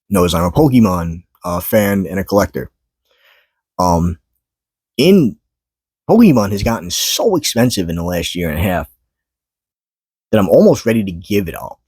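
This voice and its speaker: Tired guy venting to his camera, kinda husky low voice, dry sound, lots of pauses and swearing. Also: a little mellow, no room sound. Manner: weary, halting, pauses to collect thoughts; swears and rises in pitch when frustrated. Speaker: vlogger. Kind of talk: unscripted personal monologue to camera. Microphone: camera mic.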